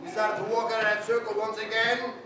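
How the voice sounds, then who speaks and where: A man in his sixties, a storyteller performing live for schoolchildren, animated and playful as he calls on the audience. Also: high-pitched, fast. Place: elementary school hall. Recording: echoey hall from far off, noisy.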